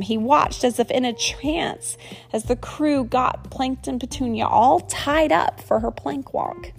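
A woman reading a children's story aloud in an expressive, animated way. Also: on the high side, creaky.

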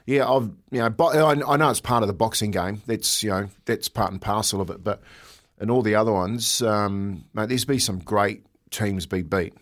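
Kiwi bloke on sports radio, kinda low voice, rambles n laughs a lot. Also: male voice, normal speed. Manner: laughs often, rambling, stop-start. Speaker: radio co-host. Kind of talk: casual sports radio chat.

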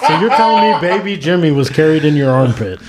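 A man's voice: a little high, animated, fast talker, very noisy. Man making dry sarcastic cracks. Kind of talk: casual comedic banter.

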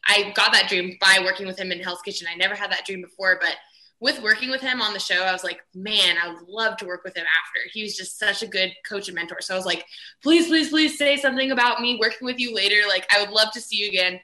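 A young woman being interviewed about her time as a contestant, speaking in a very bright, forceful voice. She tells her story in a chatty, animated way with many fillers and asides. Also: medium pitch, fast, low-quality recording. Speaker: guest, former reality cooking contestant. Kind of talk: casual interview chat.

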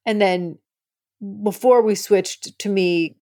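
A woman's voice: medium pitch, slow pace, mellow, no room sound, studio quality. A woman hosting a podcast, frankly telling a personal story, gushing and laughing often. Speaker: podcast host.

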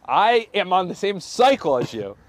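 A young man co-hosting a podcast, riffing with quick jokes and puns in casual chat. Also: sits high, very animated. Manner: jokey, quick riffs and puns. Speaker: podcast co-host.

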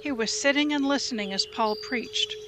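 Woman reading scripture over steady noise. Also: sits high, normal speed. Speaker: Bible reader.

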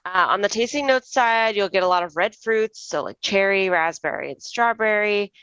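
A woman's voice: medium pitch, normal speed, fairly bright tone, smooth, dry recording, lo-fi sound. A young woman co-hosting a podcast, chatting casually and recommending a wine with lots of fillers. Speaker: podcast co-host.

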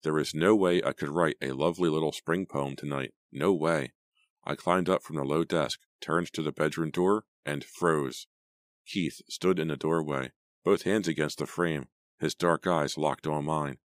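A man narrating an audiobook in a measured, even storytelling manner. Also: rumbling low, no echo, clean studio sound. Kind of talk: scripted narration.

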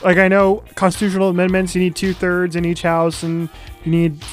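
A man hosting a casual podcast, talking fast and loose with jokes. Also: sits high, monotone, faint music behind. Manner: quick, loose and joking. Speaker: podcast host.

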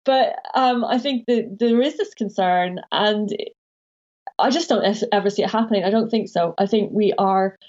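A woman's voice: medium pitch, normal speed, darkish tone, dull audio. A woman author being interviewed, speaking thoughtfully with some hesitation and frequent laughs. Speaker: author and guest. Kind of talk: conversational interview.

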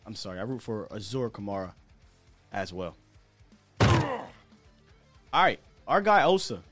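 A man's voice: fairly low pitch, huge pitch swings, slow pace, fairly bright tone, faint music behind. An American man hosting a sports podcast, talking in a chatty, candid way with slang and the odd chuckle. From United States. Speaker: podcast host. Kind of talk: casual sports talk commentary.

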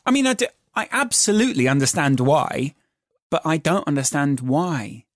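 A man's voice: on the high side, big pitch swings, moderate pace, no echo. A man co-hosting a podcast, joking with dry, wry humor. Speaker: podcast co-host. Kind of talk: casual banter.

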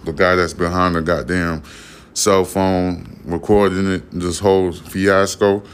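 A man's voice: low voice, flat delivery, measured pace, slight background noise. A man hosting a podcast, reading news stories and riffing on them in a loose, profane, rambling way. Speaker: podcast host. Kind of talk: casual news commentary podcast.

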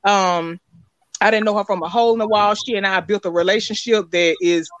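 A woman's voice: mid-range voice, fairly even intonation, a little fast, dry recording, dull audio. A woman on a video call giving a rambling, heartfelt tribute as a sponsor, with repeated words and many fillers. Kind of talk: casual heartfelt speech.

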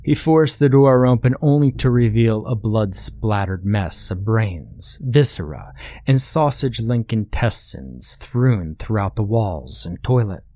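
A man reading a horror story aloud in a measured, matter-of-fact narration. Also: on the low side, lively intonation, warm tone, no echo, studio quality.

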